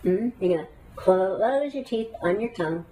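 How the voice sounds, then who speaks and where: A woman's voice: mid-range voice, lively intonation, normal speed, mellow, distant mic, soft background music, rough recording. A woman teaching a class, talking earnestly and at length and guiding the listeners through breathing exercises. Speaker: meditation teacher.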